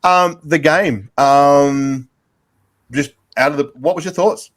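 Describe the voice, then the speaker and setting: A man from England hosting a football podcast, joking and bantering as he throws questions to his guests. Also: fairly high pitch. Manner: jokey, bantering, moves quickly between questions. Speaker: podcast host. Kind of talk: casual football chat.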